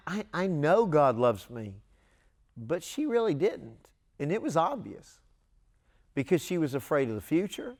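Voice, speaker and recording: A man, a pastor, giving a televised sermon in an earnest, emphatic way with long dramatic pauses. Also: medium pitch.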